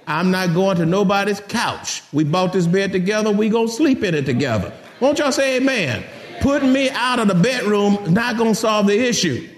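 Animated high-voiced male pastor preaching. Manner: animated preaching, folksy asides to the congregation. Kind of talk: sermon.

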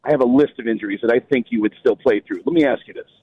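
A stand-up comedian, a man from New York, telling lively stories on a talk show and acting out the people in them. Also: medium pitch, racing, husky, dull audio. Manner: lively storyteller, voices the people in his anecdotes. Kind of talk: animated storytelling on a talk show.

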